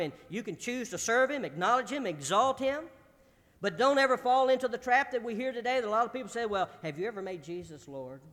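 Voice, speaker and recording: A man's voice: high voice, fairly bright tone, long reverb tail. A man preaching a sermon, building to emphatic repeated declarations. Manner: preaching with rising emphatic cadence and repetition.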